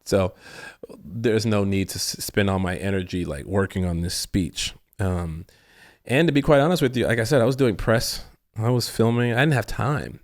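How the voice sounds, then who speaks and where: Animated man telling a story. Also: fairly low pitch, normal speed. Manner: animated storyteller who acts out his own reactions; rambling with frequent restarts and laughs. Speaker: actor and guest. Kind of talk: casual interview conversation.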